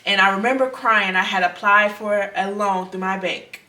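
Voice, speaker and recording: A woman's voice: mid-range voice, steady tone, moderate pace, bright, forceful tone. A young woman earnestly sharing a personal faith testimony in a conversational, repetitive way. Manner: earnest, conversational, repeats herself. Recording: roomy sound, mic at a distance.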